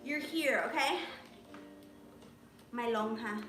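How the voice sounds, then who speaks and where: A woman's voice: on the high side, slow pace, a bit bright. A young woman leading a live home workout as a fitness instructor, chatty and full of "um" and "like.". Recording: echoey room with music playing. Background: music.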